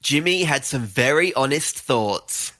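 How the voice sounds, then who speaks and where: An Australian woman hosting a radio segment, narrating in a lively, teasing way. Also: very deep voice, a little slow, slight background noise. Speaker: radio host. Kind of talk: scripted narration. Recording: music bed under the voice.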